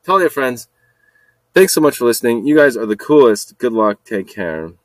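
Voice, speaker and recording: A man's voice: medium pitch, big pitch swings, normal speed, dry recording, low-quality recording. A man hosting a solo podcast, telling a rambling story, repeating himself and swearing often. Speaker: podcast host.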